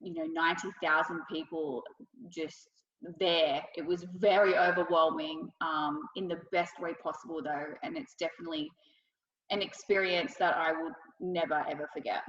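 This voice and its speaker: A woman's voice: low voice, steady tone, normal speed, fairly bright tone, roomy sound, in a large hall, lo-fi sound. A young woman with a thick Australian accent, answering interview questions with effusive enthusiasm and lots of fillers. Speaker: wrestler.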